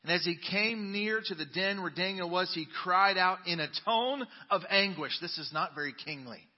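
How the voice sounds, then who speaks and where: A male pastor preaching a sermon, reading scripture dramatically and swinging between booming emphasis and soft asides. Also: moderate pace, in a large hall, dull audio. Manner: dramatic Bible reading with sudden loud and quiet turns. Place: church sanctuary.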